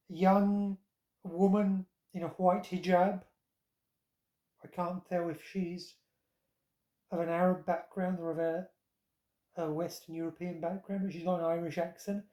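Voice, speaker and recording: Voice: medium pitch, a little mellow. Wry, tired vlogger in a roomy echo. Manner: wry, rambling, self-mocking asides. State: tired from lack of sleep. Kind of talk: casual sardonic commentary.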